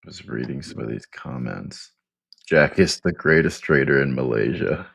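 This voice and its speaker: Gravelly, very deep-voiced man. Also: animated, normal speed, fairly bright tone, dry recording, clean studio sound. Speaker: crypto market show co-host. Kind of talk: casual livestream chat.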